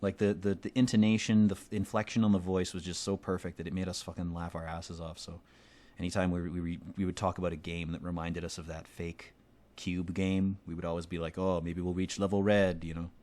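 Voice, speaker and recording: A man's voice: low voice, flat delivery, a little fast, a little mellow. A man giving rambling, profane, sardonic commentary while playing a video game. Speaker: let's play commentator. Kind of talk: casual gameplay commentary.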